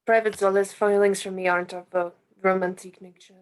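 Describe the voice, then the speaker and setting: A woman's voice: medium pitch, a little fast, close to an everyday voice. A woman reading a guarded young cinema owner. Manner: terse, flat, careful answers. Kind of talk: amateur script reading.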